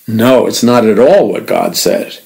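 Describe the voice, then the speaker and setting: A man's voice: on the low side, expressive, gravelly, a little mellow, rough recording. Earnest man teaching scripture. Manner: earnest, emphatic, repeats words while explaining; reads scripture quickly between slower commentary. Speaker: radio minister and host. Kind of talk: radio Bible teaching.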